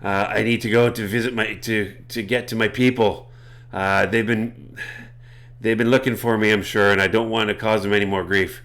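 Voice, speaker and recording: A man's voice: lowish voice, level tone, moderate pace, fairly bright tone. A man voicing a cat-like creature who talks with a pirate accent. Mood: earnest.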